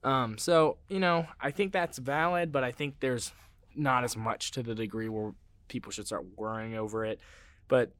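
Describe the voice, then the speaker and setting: A young man with a medium-pitched voice, speaking at a moderate pace, hosts a casual sports podcast. He rambles through his opinions with lots of fillers and restarts and gets loud and worked up when ranting. The recording is dry.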